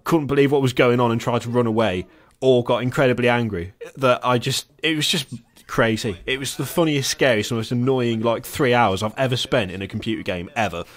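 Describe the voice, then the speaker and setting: A man's voice: mid-range voice, fairly quick. A man co-hosting a casual chat, rambling and laughing between phrases. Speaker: co-host.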